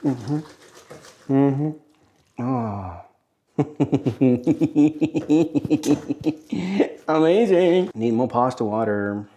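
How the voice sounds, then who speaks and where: A mellow, mid-range male voice with lively intonation, speaking extremely slowly with long pauses. He is an Italian home cook giving a cooking demonstration on camera, playful, exclamatory and self-mocking.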